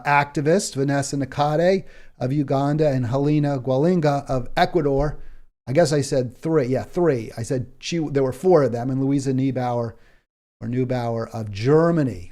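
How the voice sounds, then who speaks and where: A man's voice: medium pitch, normal speed, dark tone. A man with an American accent hosting a solo political commentary show, talking in an impassioned way with emphatic repetition and frequent fillers and restarts.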